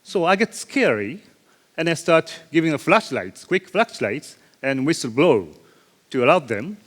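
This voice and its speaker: A man, a ship's captain telling a story in a conference speech, animated, with sound effects and self-deprecating asides. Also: on the high side, a little slow. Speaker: ship captain giving a conference talk. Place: large conference hall. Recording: long reverb of a large hall.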